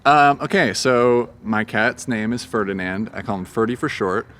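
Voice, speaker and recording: A man's voice: medium pitch, normal speed, fairly bright tone. A young man, a singer-songwriter answering interview questions outdoors in a park, rambling in an easygoing way with lots of ums and uhs.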